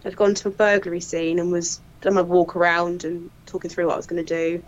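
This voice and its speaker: A woman, a crime scene investigator, telling funny work stories in a casual, animated way and often laughing. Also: lowish voice, a little fast. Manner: animated, laughing storyteller who acts out quotes. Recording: slightly dull lo-fi audio.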